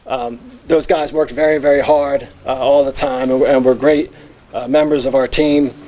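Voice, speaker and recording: A man's voice: mid-range voice, fairly even intonation, normal speed, warm tone. A middle-aged man gives an earnest acceptance speech as a former teacher and coach, reminiscing with many fillers. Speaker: hall of fame inductee, former teacher and football coach.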